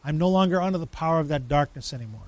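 A man preaching a sermon, emphatic, with dramatic pauses, rising lines and sudden drops to a hush. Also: a little high, lively intonation, no room sound. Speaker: pastor.

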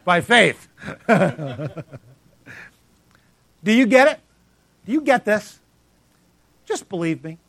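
A man's voice: high voice, big pitch swings, very slow, pauses often, dry recording. A man preaching a sermon as pastor, emphatic and repetitive, calling out congregants by name.

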